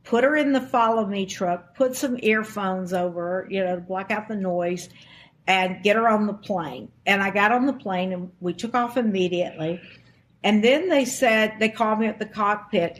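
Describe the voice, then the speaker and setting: Older woman telling a lively story. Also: mid-range voice, a little hiss or hum. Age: 60s. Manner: animated, acts out quoted dialogue. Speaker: guest. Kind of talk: personal storytelling.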